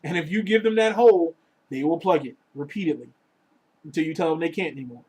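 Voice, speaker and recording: A man ranting casually to his viewers about dating, crude and profane, joking as he goes, swinging between loud lines and muttered asides. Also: on the high side, fast, slightly rough. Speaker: vlogger. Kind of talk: casual rant to camera.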